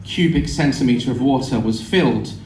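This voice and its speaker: A man telling a comic story to a live audience, animated and sweary, acting out voices and screams. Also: medium pitch, normal speed, a little hiss or hum. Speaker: live show performer. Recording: echoey venue, heard from afar. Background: audience laughter.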